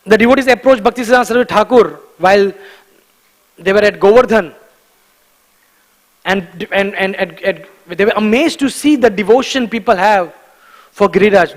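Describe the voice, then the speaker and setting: A man giving a devotional morning class in a temple, emphatic and animated, repeating key words for stress and often chuckling. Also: high voice, big-room sound, poor audio. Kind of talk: devotional lecture. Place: temple hall.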